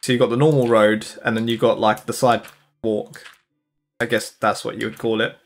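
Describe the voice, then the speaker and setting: A man's voice: fairly low pitch, level tone, normal speed, soft background music. A young British man from the UK, chatting casually with his viewers while he plays a game, laughing often and answering their comments. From United Kingdom. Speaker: streamer. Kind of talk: casual chat while gaming.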